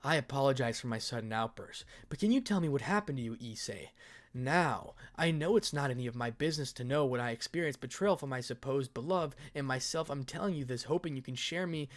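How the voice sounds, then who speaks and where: A man reading a gentle, motherly Lady Death. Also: mid-range voice, brisk, close to an everyday voice. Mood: earnest. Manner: soft, motherly, teasing. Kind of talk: fan fiction read-aloud.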